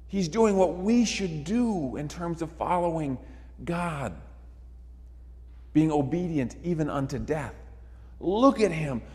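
An emphatic male preacher delivering a sermon, his voice sitting a touch high for a man. He drives points home by repeating phrases. The sound carries a long reverb from a large hall. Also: a little mellow.

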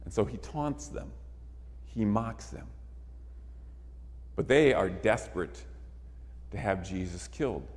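A man's voice: fairly low pitch, expressive, takes it slowly, long pauses. A man preaching a sermon emphatically, repeating phrases for effect. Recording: long reverb of a large hall.

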